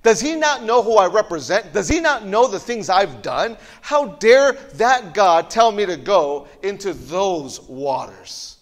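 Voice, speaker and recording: A haughty army commander, scornful and demanding, as a preacher acts him out. His voice sits high and echoes with a long hall reverb. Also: lively intonation, unhurried, few pauses. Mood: indignant. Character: proud, indignant foreign army commander, adult man.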